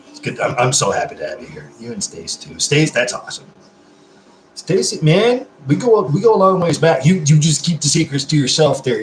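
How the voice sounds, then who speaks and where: Sipping beer during a casual live stream, a man with a higher-pitched voice responds to comments. He gushes, rambles, and curses nonstop, and the poor audio has a reverberant quality.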